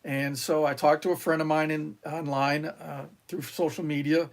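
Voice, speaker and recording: A middle-aged man from New York, a retired Marine, talks as a guest on a podcast, and his voice sits a little high for a man. He tells long stories in a rambling way, full of fillers and restarts, and he acts out the lines of the people in them. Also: level tone, moderate pace, creaky. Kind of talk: casual interview storytelling.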